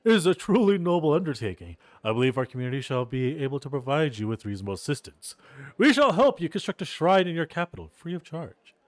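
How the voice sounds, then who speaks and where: A man voicing a solemn, gracious male high priest who speaks in a formal, measured way, reading game dialogue aloud. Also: big pitch swings, dry recording.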